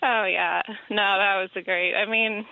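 A woman from the Houston area with a soft Texan accent, calling in to a radio show, friendly and easy-going. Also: medium pitch, fairly even intonation, normal speed, vocal fry, no room sound. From Houston area, Texas. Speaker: caller. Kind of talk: phone-in chat. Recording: tinny phone line.

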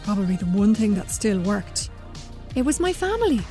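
A woman reading a children's story aloud in a friendly, expressive way and then running a quiz. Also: medium pitch, moderate pace, soft background music.

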